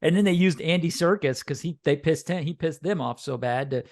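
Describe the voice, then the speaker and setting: A man's voice: on the high side, brisk, darkish tone. A man co-hosting a podcast, joking in an easygoing way. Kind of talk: casual chat.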